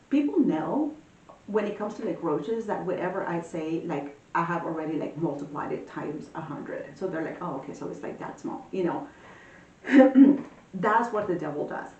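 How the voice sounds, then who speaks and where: A woman giving a casual tarot reading, talking in a chatty, animated way with many fillers. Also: recorded from a distance. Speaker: tarot reader. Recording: echoey room, voice a bit off-mic, faint rumble.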